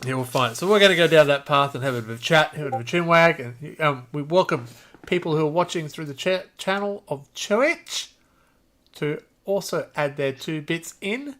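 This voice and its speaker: Australian man, podcast host, high voice, bright tone, jokey, quick to laugh. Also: expressive. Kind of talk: casual podcast chat.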